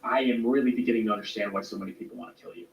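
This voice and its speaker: A man's voice: mid-range voice, fairly even intonation, rapid-fire, highs cut off, noisy background, natural voice. An actor playing an exasperated, sarcastic man who has completely run out of patience, heard as distant, roomy clip audio.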